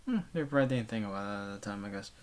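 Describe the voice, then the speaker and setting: A man's voice: lowish voice, lively intonation, very fast. A man reading a visual novel aloud for a let's play, stumbling over words and breaking off for wry, offhand comments.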